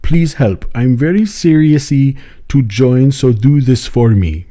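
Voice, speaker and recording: A man's voice: medium pitch, warm tone, lightly acted. A man putting on the voice of an eager young man who pleads in broken English to be let in. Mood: pleading. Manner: slow, insistent pleading.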